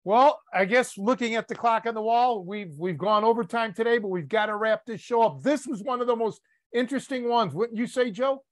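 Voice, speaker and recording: A man hosting a podcast in casual chat, with short easy replies and a relaxed wrap-up. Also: extremely high pitch, brisk, hardly any pauses, dry recording. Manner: relaxed, short agreeing replies, then wraps up the show. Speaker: podcast host.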